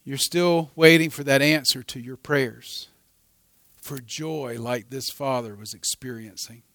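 A man preaching a sermon, telling a story with dramatic swings from hushed to loud. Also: mid-range voice, a little slow, creaky, no echo.

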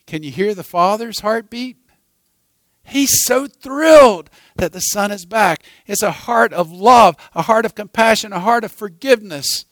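A man preaching a sermon, telling a story with dramatic swings from hushed to loud. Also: sits high, lively intonation, a little slow, no room sound.

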